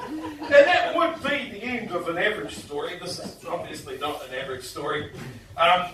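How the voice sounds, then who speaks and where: A man's voice: high voice, lively intonation, normal speed. A young man telling a brash, self-mocking stand-up story with swearing, on a bar stage. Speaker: stand-up comedian. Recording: echoey bar heard from far off, noisy.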